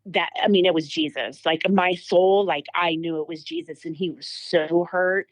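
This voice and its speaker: A woman's voice: on the low side, fairly even intonation, moderate pace. A woman giving a personal testimony as a podcast guest, telling her story vividly with many fillers and restarts.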